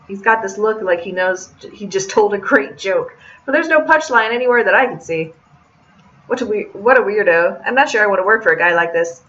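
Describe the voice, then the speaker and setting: A woman's voice: medium pitch, lively intonation, fairly quick, fairly bright tone, dull audio. A young woman reading a visual novel aloud and adding chatty, joking asides as a let's-play host.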